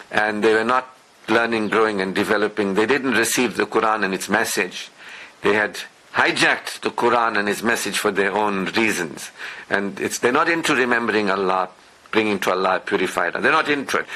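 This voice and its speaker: Bright-voiced man preaching emphatically. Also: lowish voice, low-quality recording. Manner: emphatic, repetitive lists, conversational asides; candid about his past. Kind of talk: Friday sermon lecture.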